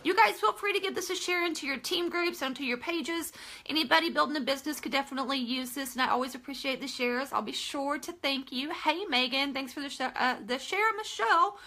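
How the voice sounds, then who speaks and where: A woman's voice: sits high, brisk, pushed and bright. A woman network marketing coach giving a chatty live-stream class, greeting viewers by name and making frank asides.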